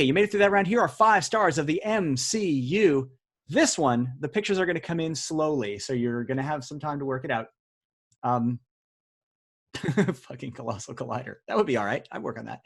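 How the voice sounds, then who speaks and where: A man hosting a live online word quiz over a video call, chatty and teasing as he jokes with the players. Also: medium pitch. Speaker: quiz host. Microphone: video call audio.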